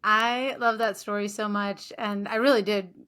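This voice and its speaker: Bright-voiced woman podcast host. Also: mid-range voice, fairly even intonation, normal speed, clean tone. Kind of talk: conversational interview.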